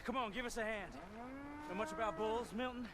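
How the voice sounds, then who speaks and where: An actor playing a commanding rancher in a video game. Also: male voice, very high voice, fairly even intonation, fairly quick, a bit bright. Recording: game audio with background noise.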